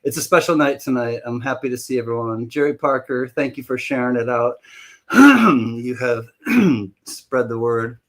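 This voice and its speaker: A man with a mid-range voice and lively intonation hosts a live online auction stream. In casual livestream chat, he greets viewers one at a time, playful and jokey, rattling off their names quickly.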